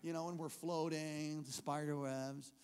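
A man preaching a storytelling sermon at a church service, animated, swinging from hushed narration to shouting. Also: on the high side, unhurried, clear, resonant tone, in a large hall. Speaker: pastor.

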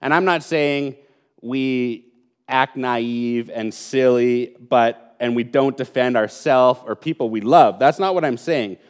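A man's voice: medium pitch, clean tone. Man, pastor, sermon, earnest, emphatic, repeats key lines. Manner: earnest, emphatic preaching with pauses and repetition.

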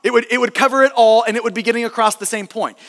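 A man's voice: very high voice, fairly even intonation, racing, a bit bright, long reverb tail. A male pastor preaching a sermon, earnest and emphatic, often restarting and repeating words for stress.

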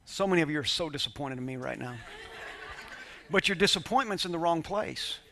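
A man's voice: a little high, expressive, brisk, sharp tone. A male pastor telling a personal story in a sermon, acting out bits of dialogue and joking with his congregation. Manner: conversational preacher, quoting dialogue, laughing with congregation.

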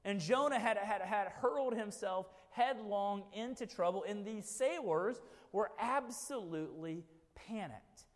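A man's voice: high voice, unhurried. A man in his forties preaching a sermon in a conversational way, often adding "right?" to check in with listeners. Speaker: pastor. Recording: reverberant church hall.

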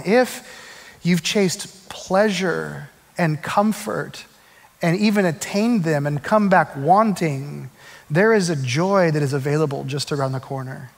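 High-voiced man preaching in a reverberant hall. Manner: conversational preaching, slows for emphasis, rises when excited. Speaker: pastor. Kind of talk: sermon.

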